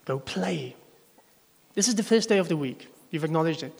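Male pastor, a bit high-voiced, chatty sermon that quizzes the congregation, live in a reverberant church hall. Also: animated, fast, a little mellow. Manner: conversational, asks the congregation questions. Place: church service before a congregation. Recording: long echo of a large hall.

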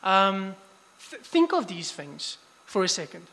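A man preaching a sermon in a church hall, casual and conversational, often restarting his phrases. His voice sits high for a man, and the hall lends it a long, lingering reverb. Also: unhurried, gravelly. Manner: conversational, many restarts, animated asides.

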